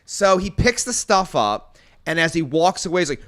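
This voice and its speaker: A man tells a story on a podcast in a loose, swearing, lively way. His voice is bright and clear, and his pitch swings high and low as he acts out both sides of the argument. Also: brisk. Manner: profane, animated storytelling. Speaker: podcast host. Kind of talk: casual chat.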